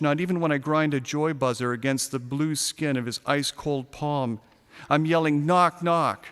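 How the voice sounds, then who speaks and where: A man reads a first-person story aloud in a sardonic, darkly comic voice and lets some punchlines burst out as shouts. His voice sits a little high and sounds smooth and resonant. A long reverb trails behind his words. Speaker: narrator reading a short story.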